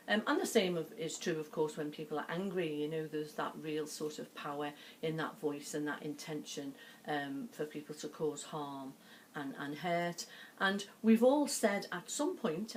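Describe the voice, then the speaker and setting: A woman with a Liverpool accent, a sound healer explaining her work in a gentle, chatty way with many fillers. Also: lowish voice, slight background noise. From Liverpool, England. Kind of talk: explanatory talk to camera.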